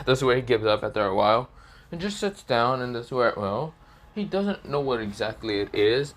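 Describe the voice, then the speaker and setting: A man improvising a fan story narration in a rambling way, full of fillers and restarts. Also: mid-range voice.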